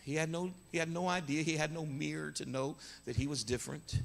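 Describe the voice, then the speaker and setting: A man preaching a sermon as a guest preacher, telling a story and swinging from quiet narration to shouted praise. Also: fairly high pitch, a little fast, vocal fry, a little hiss or hum.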